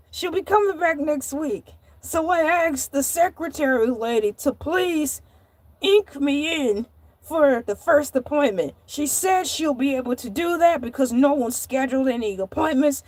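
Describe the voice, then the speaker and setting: A woman doing a fussy cartoonish shark host with a high, bright voice, rambling on and repeating himself in indignant bursts. The sound is dry and close, with no room around it. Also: no room sound. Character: Hercules, chatty male shark show host. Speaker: livestream host. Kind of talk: comedic live-stream character monologue.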